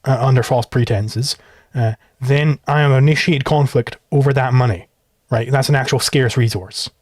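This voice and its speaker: A man hosting a live online debate, explaining his position in quick bursts. He restarts his sentences a lot and laughs easily. His voice sits in a middling register and is recorded dry and close. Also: mid-range voice, a little mellow, no echo. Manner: quick, argumentative, laughs often, stumbles into restarts. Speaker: host.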